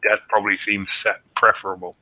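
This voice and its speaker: A man's voice: fairly low pitch, level tone, fast talker, sharp tone, dry recording, rough recording. A man co-hosting a podcast, reading out history notes and joking between the facts. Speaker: podcast co-host presenting research. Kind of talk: casual chat reading notes.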